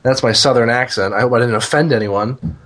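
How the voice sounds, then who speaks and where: A man hosting a casual podcast chat, animated and joking, often laughing. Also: mid-range voice, fairly quick. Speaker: podcast host.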